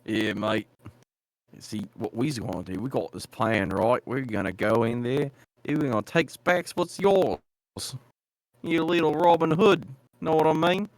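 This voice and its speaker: A man's voice: a little slow, dry recording, close to an everyday voice. A man voicing a cocky, roguish adventurer who talks in a slangy, swaggering way. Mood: scheming. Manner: slangy and swaggering, quiet and low.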